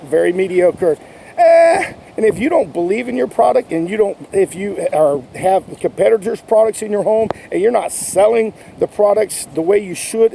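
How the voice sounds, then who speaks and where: A man's voice: high voice, creaky, warm tone, slight background noise, rough recording. A man giving an enthusiastic, folksy sales pep talk as a sales coach, repeating his points. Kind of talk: motivational talk to camera.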